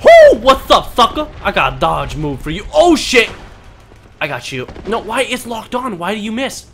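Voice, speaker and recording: Excitable young man swearing through a game. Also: high-pitched, normal speed, gravelly, slight background noise. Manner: excitable, swearing, trash-talking, panicky yelps. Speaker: gaming commentator. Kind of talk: let's play commentary.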